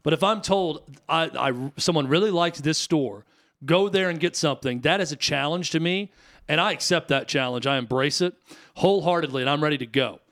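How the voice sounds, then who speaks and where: A man's voice: fairly high pitch, brisk, fairly bright tone. A man in his thirties co-hosting a radio talk show, telling stories in a chatty, rambling way. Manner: chatty storyteller, frequent restarts and fillers. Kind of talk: casual sports radio chat.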